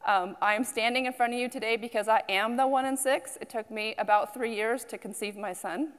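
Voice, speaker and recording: A woman founder giving an earnest, personal startup pitch to an audience, with many ums along the way. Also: a little fast, clean tone. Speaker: company founder and CEO. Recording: long hall reverb.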